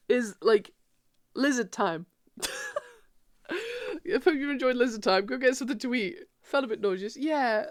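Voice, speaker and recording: A woman's voice: on the high side, dry recording, clean studio sound. A young adult woman streaming a game from a room at home, chatting with viewers in a bubbly, gushing, giggly way. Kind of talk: casual livestream chat and reading a game aloud.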